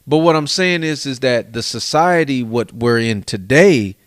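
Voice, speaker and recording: Expressive man arguing his point. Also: medium pitch, unhurried, no room sound, studio quality. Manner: emphatic, opinionated, pushes back in debate. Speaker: podcast co-host. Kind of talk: casual chat.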